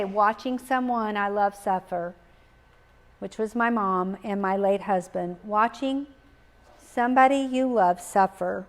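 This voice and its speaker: A middle-aged woman, giving a gentle, reflective talk on grief, pausing often and repeating key phrases. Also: fairly high pitch. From Texas. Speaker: speaker on grief. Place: live talk in a community setting.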